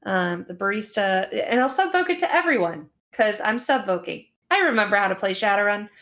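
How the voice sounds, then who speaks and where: A woman's voice: mid-range voice, lively intonation, fairly quick, fairly bright tone. A woman playing a tabletop game, chatty and thinking aloud. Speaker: player.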